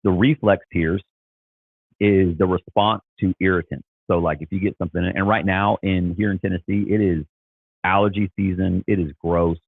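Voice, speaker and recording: A man's voice: sits low, fairly even intonation, normal speed, gravelly, slightly rough, dry recording. A man hosting a casual livestream with a stuffy nose, rambling with restarts and bursts of enthusiasm. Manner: rambling, frequent restarts and fillers. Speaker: livestream host. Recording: tinny phone-like sound.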